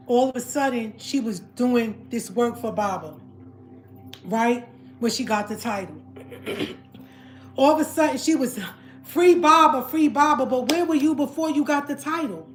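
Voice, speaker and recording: A woman's voice: a little high, unhurried, pauses often, a little mellow, soft background music. Heated woman livestreamer in an echoey room. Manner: heated, repetitive, addresses viewers as family. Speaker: livestream host. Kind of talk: emotional livestream rant.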